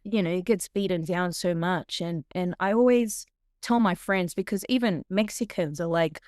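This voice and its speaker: A woman's voice: lowish voice, normal speed, darkish tone, no room sound, clean studio sound. A middle-aged woman with an Australian accent, a podcast guest telling stories animatedly with laughs and frequent restarts. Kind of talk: podcast interview storytelling.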